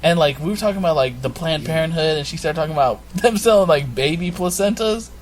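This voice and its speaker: A young man co-hosts a loose, casual podcast chat, with a voice pitched a little above the usual for a man. He rambles and laughs easily, slipping into quick impressions of the people he talks about. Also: lively intonation. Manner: rambling, laughs often, mimics people he quotes. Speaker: podcast co-host.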